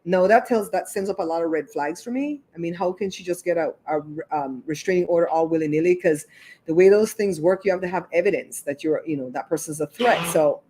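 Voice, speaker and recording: Chatty low-voiced woman telling a story. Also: fairly quick, warm tone, husky. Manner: chatty, rambling retelling full of asides. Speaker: show host. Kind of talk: casual storytelling on a livestream.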